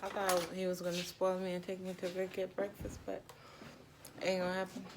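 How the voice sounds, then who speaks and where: A woman with a fairly low, monotone voice chats casually and a little fast in her day-in-the-life mom vlog, talking to her toddler and to the camera. She's in her home kitchen, where the clatter of dishes and pans makes heavy background noise.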